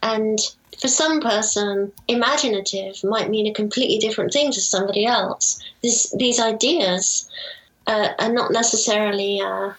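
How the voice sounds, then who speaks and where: A woman's voice: medium pitch, a bit bright, low-quality recording. A woman from Europe, an author in casual conversation, talking hesitantly with many restarts as she thinks aloud. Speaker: author being interviewed.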